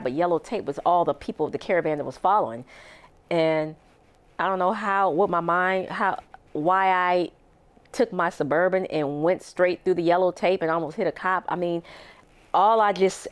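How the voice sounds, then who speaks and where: Woman telling a tense story. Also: on the low side. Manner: emotional, vivid retelling with acted-out quotes. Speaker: interview guest. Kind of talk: recounting a personal story.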